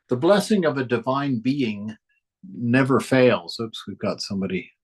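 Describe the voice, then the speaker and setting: A man of ordinary pitch reads passages from a spiritual book aloud. Between readings he adds his own thoughts in an easygoing way, with soft chuckles along the way. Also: poor audio. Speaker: host reading and reflecting on a spiritual text.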